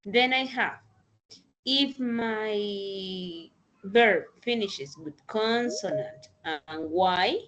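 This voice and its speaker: A woman teaching an English grammar lesson over a video call, explaining slowly and deliberately. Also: mid-range voice, a bit bright, highs cut off. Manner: slow, deliberate explanations with Spanish translations. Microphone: computer mic in a video call.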